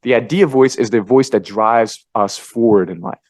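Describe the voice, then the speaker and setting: A man hosting a motivational podcast, swinging between energetic pep-talk bursts and low, quiet asides. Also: normal speed, dry recording. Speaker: podcast host. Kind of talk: motivational monologue.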